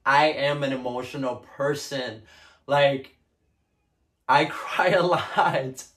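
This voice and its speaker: A man's voice: mid-range voice, takes it slowly, fairly bright tone. A young man casually telling a personal story to the camera, chatty and full of filler words. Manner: chatty, lots of "like" fillers, laughs often.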